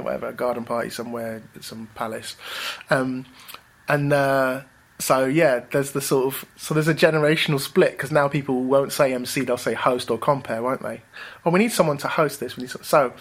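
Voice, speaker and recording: Bouncy, animated male storyteller. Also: mid-range voice, vocal fry. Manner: animated, bouncy, acts out voices. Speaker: guest, rapper and writer. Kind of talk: casual interview storytelling.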